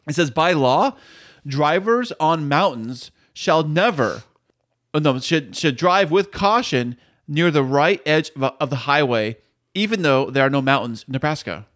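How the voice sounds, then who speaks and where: A man's voice: on the high side, animated, a little slow, fairly bright tone. A man co-hosting a casual comedy podcast, reading out odd facts and riffing on them in a jokey, rambling way. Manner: jokey, rambling, reads items aloud. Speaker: podcast co-host. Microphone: studio mic.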